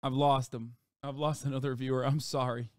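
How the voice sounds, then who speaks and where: A man's voice: mid-range voice, level tone, a little fast, darkish tone, no echo, clean studio sound. A man livestreaming reaction commentary, ranting in a profane, sarcastic way.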